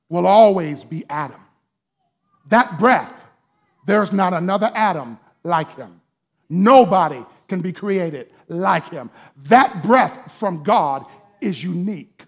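A man delivers a sermon in a high, gravelly, husky voice, drawing his words out slowly. He calls on the congregation to respond, and they can be faintly heard in the church. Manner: builds from hushed teaching to shouted preaching. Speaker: preacher.

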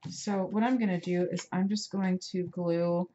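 A woman's voice: fairly low pitch, fairly even intonation, normal speed, warm tone. A woman hosting a casual crafting tutorial, chatty and self-deprecating as she talks while working. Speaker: craft video host. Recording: dull lo-fi home recording with noise.

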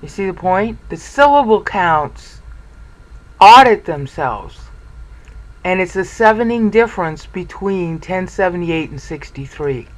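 Presenter, mid-range voice, casual lecture, excitable, volume rises and fades. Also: mid-range voice, normal speed, few pauses, low-quality recording. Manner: excitable, lively, thinks aloud. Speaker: Bible study presenter. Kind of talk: informal screen-share lecture.

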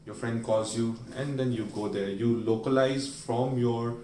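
Speaking in a dark, steady, medium-pitched voice at a measured pace, a medical educator walks through a memory aid. He tells everyday stories and playfully acts out the characters. The distant, roomy recording carries a faint hiss or hum.

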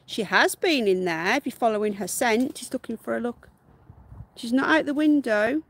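A woman's voice: fairly high pitch, normal speed. A woman, chatting casually on a live stream from her garden and cooing to her pet rabbits in baby talk. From England. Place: outdoor garden.

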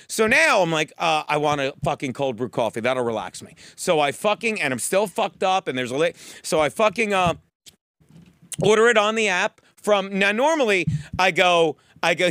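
A man, a podcast co-host telling a profane, animated comedic rant in a studio booth. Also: sits high, dry recording. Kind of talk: comedic rant, casual chat.

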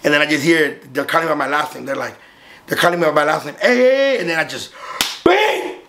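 A young man tells a story in a casual vlog, with a gravel-edged voice set a little high for a man. He swears freely and jumps into loud, animated impressions of the people in the story. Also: racing, a little hiss or hum. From Southern California. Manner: profane, animated, acts out the other voices. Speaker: vlogger.

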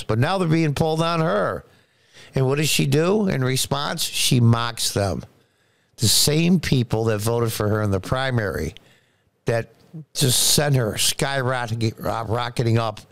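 A man's voice: medium pitch, gravelly, no room sound. A man delivers opinionated political commentary with open scorn and sarcasm. He hammers his points by repeating words. His voice sits in a middle register and is recorded close and dry, with no room sound.

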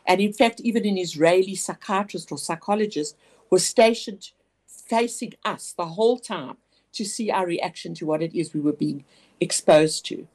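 A woman's voice: on the low side, darkish tone. A woman guest on a radio interview telling a personal story, reflective and earnest, often restarting her sentences.

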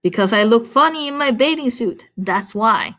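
A woman's voice: on the high side, animated, moderate pace, a bit bright. A woman voicing a fussy, self-conscious male toad in a read-aloud storybook, insistent and fretful.

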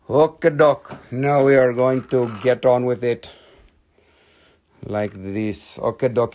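A man hosting a live sales stream from his home, with rushed, joking sales patter. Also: medium pitch, a little mellow. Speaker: live-stream seller of rocks and jewelry.

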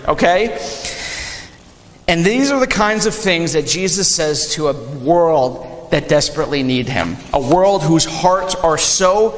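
A young man preaching a sermon, animated, acting out quick quoted asides in a church sanctuary. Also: a little high. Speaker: pastor. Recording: long hall reverb.

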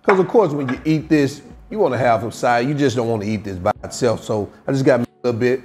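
A man talks through his home cooking video in a laid-back, chatty way. His voice sits at a middle pitch, unhurried and friendly in tone as he tastes and describes the food. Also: a little mellow, slight background noise. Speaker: home cook and channel host. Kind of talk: casual cooking video chat.

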